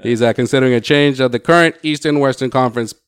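Smooth-voiced male sports podcaster. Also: mid-range voice, dry recording, studio quality. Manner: reads headlines, quick asides. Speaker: podcast co-host. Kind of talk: casual sports chat.

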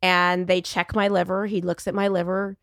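A woman's voice: on the low side, moderate pace, no room sound. Wry woman telling a story, dry close sound. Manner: wry, animated, acts out quoted voices. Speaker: podcast guest. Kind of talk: casual storytelling conversation.

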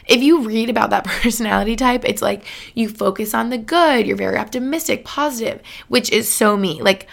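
Woman, late twenties, podcast host, casual chat, gravelly fry, lots of "like". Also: fairly high pitch, brisk. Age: late 20s. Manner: chatty, heavy use of "like", laughs often, emotional.

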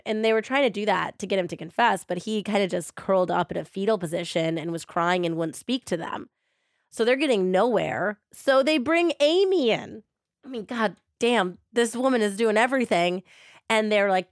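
A woman hosting a podcast, casually retelling a true-crime story and paraphrasing quotes in quick animated bursts. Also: medium pitch, dry recording, studio quality. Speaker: podcast host.

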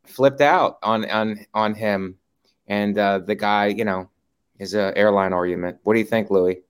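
A man hosting a comedy podcast, deadpan and halting, full of uhs and restarts. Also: lowish voice, smooth. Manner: halting, deadpan, many fillers. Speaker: podcast host. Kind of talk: casual comedy podcast banter.

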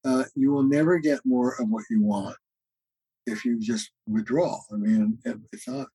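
A man's voice: mid-range voice, expressive, moderate pace, vocal fry, warm tone, breathy edge, dry recording, rough recording. A man who is a therapist and author, a guest on a podcast interview. He explains ideas in an earnest, teaching way with many "uh" fillers and acts out quoted arguments.

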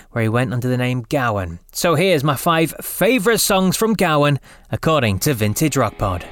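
A man hosts a rock podcast in a chatty, upbeat way. His voice sits a little high for a man and sounds dry and close. Faint music plays behind him. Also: no echo. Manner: cheerful, chatty presenter. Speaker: podcast host. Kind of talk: interview and presenting.

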